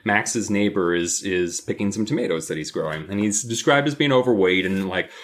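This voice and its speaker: A man's voice: sits low, fairly quick, fairly bright tone. A man co-hosting a podcast, recapping a book episode in a playful, rambling way. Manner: playful, rambling, often laughing. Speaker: podcast co-host.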